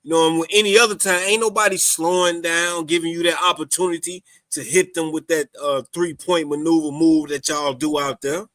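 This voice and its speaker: A man co-hosts a podcast, talking casually and emphatically and looping back on his points. His voice is bright and forceful. The recording is dry and close. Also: a little high, fairly even intonation, fairly quick, hardly any pauses, no room sound. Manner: emphatic, repeats "you understand me". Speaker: podcast co-host. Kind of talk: casual commentary.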